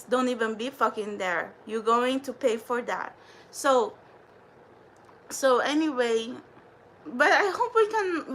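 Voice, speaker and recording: A woman's voice: sits high, fairly bright tone, a little hiss or hum, poor audio. A woman hosting a spiritual livestream, ranting in a profane, defiant and rambling way.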